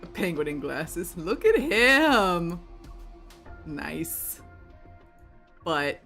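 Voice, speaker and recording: A woman streamer giving casual play-through commentary, reading game text aloud and chatting in quick, animated asides. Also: fairly low pitch. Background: faint game music.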